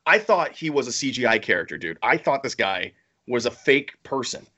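A man co-hosting a podcast in casual chat, excitable and rambling, laughing often. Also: mid-range voice, fairly quick. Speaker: podcast co-host.

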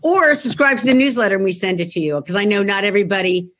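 A woman's voice: mid-range voice, fast talker, a bit bright. A middle-aged woman with a Philadelphia accent, an author chatting over a laptop video call from her home work room in a jokey, self-mocking way. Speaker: author guest. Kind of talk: casual chat.

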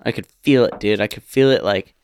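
A man's voice: lowish voice, a little fast, a little mellow, smooth, no room sound, studio quality. A man co-hosting a podcast, chatting in casual, profane, joking banter into a microphone. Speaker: podcast co-host.

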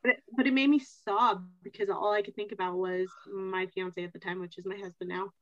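A woman's voice: mid-range voice, fairly even intonation, brisk, no room sound. A woman guest chatting about books in a heartfelt, rambling way. Her voice comes through a dull, lo-fi remote connection. The sound is dry, with no room around it. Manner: chatty and heartfelt, many filler words. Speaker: guest author. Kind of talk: casual podcast chat.

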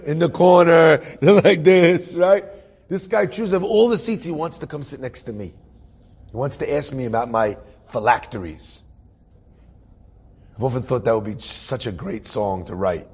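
Husky-voiced man telling a wry story. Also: fairly high pitch, animated, a little slow, a little mellow. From New Jersey area. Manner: humorous, self-mocking asides. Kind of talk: inspirational personal storytelling.

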